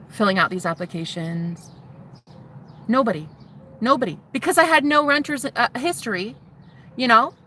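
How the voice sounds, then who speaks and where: A woman's voice: fairly high pitch, sharp tone, slight background noise. A woman vlogger in a car, bluntly telling a personal story with plenty of swearing and emphatic repetition.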